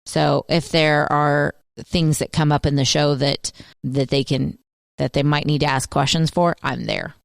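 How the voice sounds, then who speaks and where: A woman's voice: low voice, fairly even intonation, a little slow, vocal fry, no echo, studio quality. A woman co-hosting a podcast, chatting casually and with animation. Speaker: podcast co-host. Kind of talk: casual chat.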